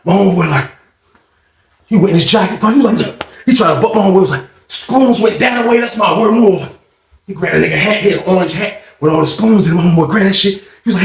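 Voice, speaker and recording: A man's voice: high-pitched, fast talker, creaky. A man telling a story in casual, slang-heavy talk, acting out the scenes with sound effects and swearing freely. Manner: animated, acts out scenes with sound effects and voices. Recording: roomy echo.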